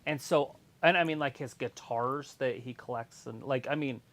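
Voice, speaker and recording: A man co-hosting a live wrestling watch-along stream, chatting casually and telling animated stories with plenty of swearing. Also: medium pitch, moderate pace. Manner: animated storyteller, swears freely, sings off-key snippets.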